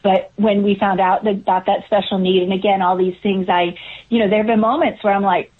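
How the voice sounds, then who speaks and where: A woman's voice: medium pitch, level tone, fairly quick, breathy edge. Earnest woman on a tinny call line. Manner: earnest, many fillers and restarts. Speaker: guest, camp organizer. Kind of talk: casual interview talk. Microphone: video call.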